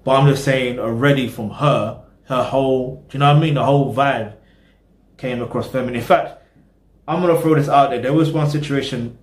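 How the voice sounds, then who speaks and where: A man's voice: mid-range voice, a little mellow, roomy sound. A man hosting a reaction video, rambling casually in slang and talking straight to his viewers.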